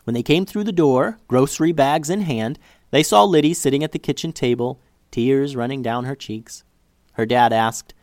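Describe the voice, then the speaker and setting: A man reading a children's story aloud in an expressive, animated way. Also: medium pitch, normal speed, no echo, clean studio sound.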